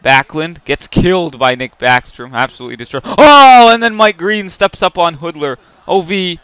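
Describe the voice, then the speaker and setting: A man commentating his own hockey video game, muttering play-by-play and then yelling at big plays. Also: a little high, expressive, a little fast, clean tone, no room sound. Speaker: gaming YouTuber. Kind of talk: excited play-by-play gameplay commentary.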